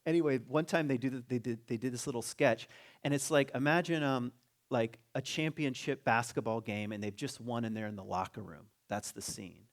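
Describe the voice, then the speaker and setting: A man giving a conversational spiritual talk as guest teacher in a church, animated and jokey, reading quotes aloud slowly. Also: medium pitch. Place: church sanctuary.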